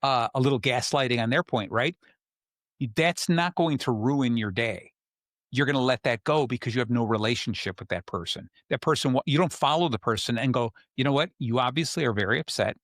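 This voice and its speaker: A man hosting a podcast, explaining relationship advice in an easy, conversational manner at a mid pitch. He slips into short quoted exchanges as he talks. The sound is dry and close, with no room echo. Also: brisk. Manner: conversational, acts out quoted people. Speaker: host. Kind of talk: casual advice talk.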